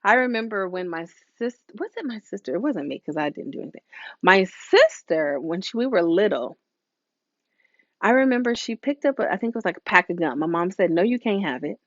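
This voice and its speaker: A woman's voice: medium pitch, sing-song, a little fast, no echo, muffled recording. A woman hosting a live motivational talk as a hair stylist, speaking casually and preachily and acting out voices she quotes. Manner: casual, with many fillers and asides.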